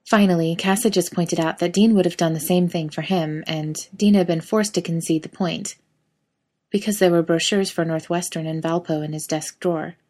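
A woman reading a story aloud in a steady, even way. Her voice sits somewhat low for a woman. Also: normal speed. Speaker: narrator.

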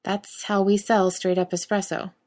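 A woman's voice: medium pitch, little pitch movement, normal speed, darkish tone, close to an everyday voice. A woman doing a worn-out young male barista. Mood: strained polite. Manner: strained politeness.

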